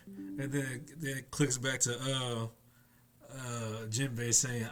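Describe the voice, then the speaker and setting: A young man recaps the latest comic chapter in a loose, rambling chat. His voice sits at an ordinary middle pitch. He keeps laughing and slips into playful voices for the characters' lines. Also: flat delivery, slow pace. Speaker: anime reviewer.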